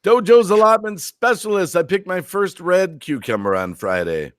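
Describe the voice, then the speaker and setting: Lively upbeat man hosting a live stream. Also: high-pitched, normal speed, no echo, studio quality. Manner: upbeat, repeats catchphrases, reads viewer comments aloud. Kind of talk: casual live stream chat.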